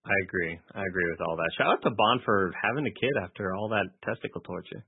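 A man's voice: low-pitched, quick pace, slightly rough, dry recording, phone-quality sound. A man co-hosting a podcast in casual chat, tossing in short quips and crude jokes. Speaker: podcast co-host.

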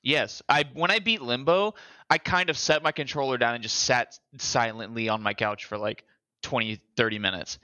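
A young man talks in an animated, loose way, swearing freely and laughing easily. His voice is bright and forceful. The sound is dry and close. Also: medium pitch, normal speed, no echo. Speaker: podcast co-host. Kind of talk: casual chat.

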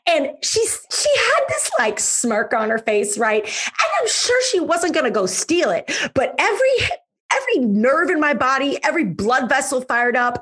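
A woman's voice: high-pitched, husky. A woman podcast host telling a personal story in a casual, chatty way, stressing words by repeating them. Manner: lively, emphatic, repeats words for effect; chatty, with fillers.

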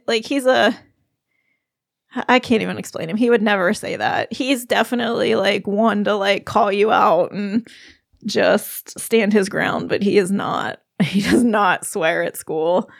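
A woman's voice: mid-range voice, measured pace, gravelly, no room sound, studio quality. A woman in her forties, a parent co-hosting a casual chat, rambling with frequent restarts and laughing often. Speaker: podcast co-host, parent.

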